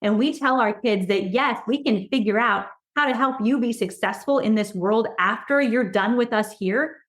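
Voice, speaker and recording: A woman speaking as a podcast guest, an education consultant talking earnestly and growing excited as she goes. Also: fairly high pitch, normal speed. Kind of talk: casual podcast conversation. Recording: roomy echo.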